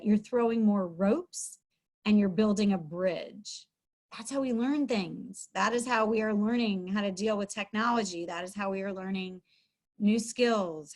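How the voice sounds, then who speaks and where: Chatty upbeat woman on a video call. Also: on the high side. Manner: upbeat and chatty, with many fillers. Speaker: school counselor. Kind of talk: webinar teaching talk. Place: home.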